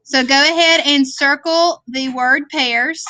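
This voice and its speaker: High bright-voiced woman teaching a class. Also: fairly even intonation, takes it slowly, no echo. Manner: patient, checks in with "okay?". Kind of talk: classroom worksheet lesson. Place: classroom screen recording.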